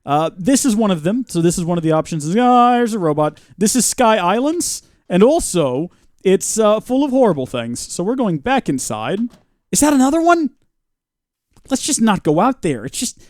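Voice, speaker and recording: A chatty man streaming a game live, joking along and reading out viewer comments. His voice sits slightly high and is recorded dry and close. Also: big pitch swings, normal speed, a little mellow, no echo.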